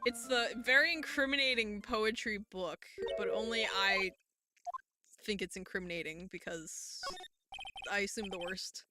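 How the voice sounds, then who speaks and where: A woman's voice: mid-range voice, measured pace, loud music behind the voice. A young woman streamer musing aloud in casual commentary while playing a mystery game.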